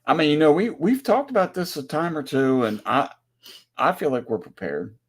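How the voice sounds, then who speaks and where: A man's voice: on the high side, sing-song, normal speed, breathy edge. A man with a Texan accent co-hosting a casual livestream, chatting in a laid-back way. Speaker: livestream co-host. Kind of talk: casual chat.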